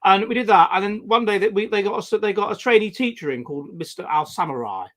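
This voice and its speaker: A man in his forties telling stories in a casual chat, halting and rambling with many restarts. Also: sits high, lively intonation, a bit bright. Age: 40s. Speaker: guest. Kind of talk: casual conversation.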